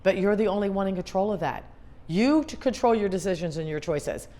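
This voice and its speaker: A woman's voice: mid-range voice, expressive, a little fast, mellow. A middle-aged woman, a grief specialist, giving an earnest motivational talk to an audience, repeating her questions for emphasis.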